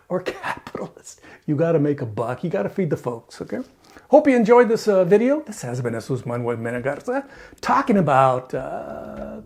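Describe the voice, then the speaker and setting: A man's voice: fairly high pitch, darkish tone. A man, vlogging a rambling, sarcastic opinion monologue with frequent chuckles. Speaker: RV channel vlogger.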